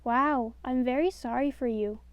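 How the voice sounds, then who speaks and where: A woman voicing Bashful, a timid dwarf who speaks quietly. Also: high voice, moderate pace, no room sound, dull audio, natural voice. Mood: sympathetic. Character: shy quiet male dwarf.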